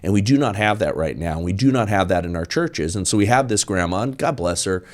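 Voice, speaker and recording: A man's voice: sits low, lively intonation, brisk. A man talking as a podcast guest in an emphatic, preachy way, hammering his points with repetition. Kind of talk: podcast interview.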